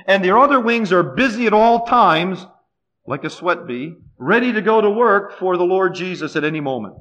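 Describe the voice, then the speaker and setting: High-voiced fervent male preacher. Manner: fervent, repetitive, often dropping to a near hush. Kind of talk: sermon. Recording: dull lo-fi sermon recording.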